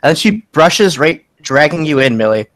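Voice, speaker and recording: A man narrating as game master of a tabletop game, casual and halting, with frequent restarts and laughs. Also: on the high side, lively intonation, fairly bright tone, no room sound.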